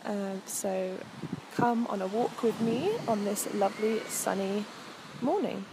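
A young woman hosts a walk along a coastal path, narrating casually outdoors in a mid-range voice at a slow pace. Her talk is chatty and meandering with frequent ums, and the background is very noisy.

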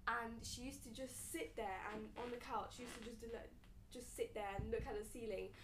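A young woman telling a long story in casual chat, rambling and animated, with many fillers. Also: a little high, brisk, background noise. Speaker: storyteller guest. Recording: echoey room, a little distant.

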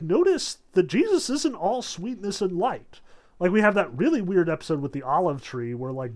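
Chatty man, slightly higher voice. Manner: chatty, peppers speech with "like", dramatizes scripture in quick asides. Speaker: Protestant speaker on theology. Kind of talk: casual spoken lecture on the Bible.

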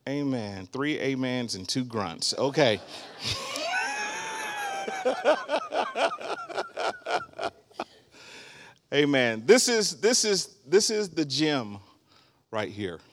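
A man in his sixties preaching a sermon as a guest, animated, breaking into laughter and shouts. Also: fairly high pitch, extremely slow, long pauses, slight background noise.

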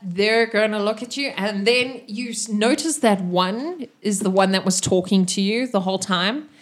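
A woman's voice: mid-range voice, moderate pace. A woman narrating a tabletop game as game master, in a loose, chatty way.

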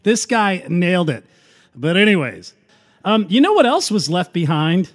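A man's voice: high voice, very animated, normal speed. A man hosting political commentary in a sarcastic tone, with laughing asides. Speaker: commentary host.

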